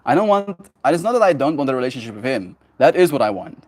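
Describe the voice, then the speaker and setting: A young man in his twenties talks to his stream in an animated, emphatic way. He tells a story and laughs often. His pitch sits in an ordinary middle range. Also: fast. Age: 20s. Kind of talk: casual livestream storytelling.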